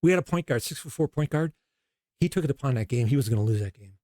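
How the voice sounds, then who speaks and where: Middle-aged male coach, lively storyteller, mid pitch, dry booth-like recording. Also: fast, no room sound. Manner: animated storyteller, acts out quoted dialogue. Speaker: basketball coach, guest. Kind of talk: storytelling interview talk.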